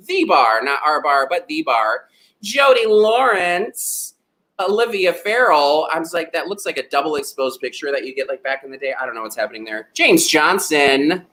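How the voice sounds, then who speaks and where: A young man, a drag performer, hosting a student awards show with campy, self-mocking jokes and drawn-out name announcements. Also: mid-range voice, bright, forceful tone. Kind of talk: comedic awards presentation.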